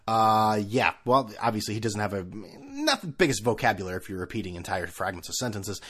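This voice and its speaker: A man rants on his own sports podcast in a loose, rambling way, tripping over restarts and throwing in sarcastic asides. His pitch swings widely as he talks, from low grumbles up to sharp peaks of disbelief. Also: big pitch swings, a little fast, hardly any pauses, husky. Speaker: podcast host. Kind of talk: casual solo sports podcast rant.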